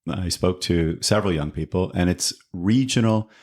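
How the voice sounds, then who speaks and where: A man's voice: low-pitched, normal speed, a little mellow. A man co-hosting a podcast, talking in casual chat in a rambling, earnest way. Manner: rambling, earnest, many restarts. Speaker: podcast co-host.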